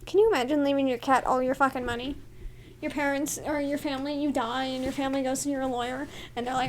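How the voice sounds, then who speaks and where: A woman's voice: high voice, little pitch movement, fast, slight background noise. A young woman co-hosting a casual podcast, rambling through playful stories with some swearing. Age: young adult. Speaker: podcast co-host. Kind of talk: casual chat.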